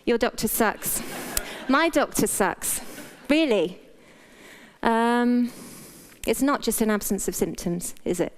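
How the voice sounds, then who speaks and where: A woman's voice: fairly high pitch, lively intonation, slow pace. A middle-aged British woman, a doctor, giving a frank, playful motivational talk in a conversational way. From Britain. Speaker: doctor and speaker.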